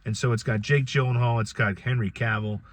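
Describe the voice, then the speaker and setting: A middle-aged man talks through a casual solo podcast at an everyday, mid-range pitch. He rambles in a loose, conversational way and often restarts his sentences. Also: steady tone, a little fast. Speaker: podcast host.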